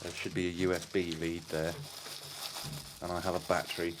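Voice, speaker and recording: Man, podcast host, low voice, chatty, giggly, fumbling. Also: completely flat delivery, moderate pace, noisy background. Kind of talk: casual chat.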